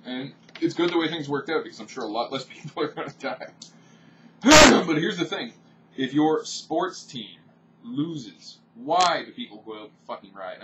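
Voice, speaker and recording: A man's voice: medium pitch, pushed and bright, a little hiss or hum. A man from Canada, ranting off the cuff in a blunt, profane vlog monologue. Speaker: vlogger. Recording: distant, dull home-recorded audio.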